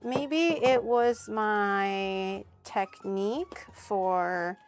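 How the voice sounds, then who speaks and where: Speaking very slowly in a mid-range voice, a young woman from Canada chats animatedly while cooking on her stream during a collab she hosts. She laughs often and swears casually.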